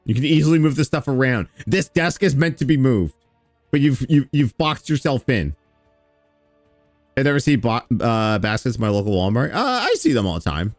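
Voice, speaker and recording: A man reacting on stream with sarcasm, profanity and mocking impressions. His pitch swings widely as he rants. The sound is dry and close, with a bit of music underneath. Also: expressive, normal speed, no echo. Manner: sarcastic, swearing, laughing, mocking with mimicked quotes. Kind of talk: casual reaction commentary.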